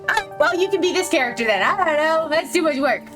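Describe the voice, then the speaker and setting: A woman's voice: high voice, lively intonation, quick pace, music in the background. A young woman hosting a game playthrough, reading the story aloud and chatting playfully with giggles. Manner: playful, giggly, switches between narrating and chatter. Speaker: let's-play host.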